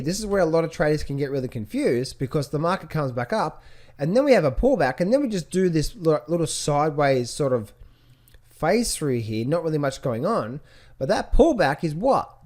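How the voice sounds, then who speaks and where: Man teaching chart trading, somewhat high voice. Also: darkish tone. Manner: repetitive, rhetorical questions to the viewer. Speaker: trading educator. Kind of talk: screen-share chart tutorial.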